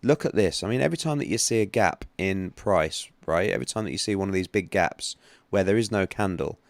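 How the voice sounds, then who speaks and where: A man's voice: low voice, animated, a little fast, no room sound. A man hosting a casual livestream about trading, rambling and chatty with many restarts. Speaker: livestream host, trading analyst.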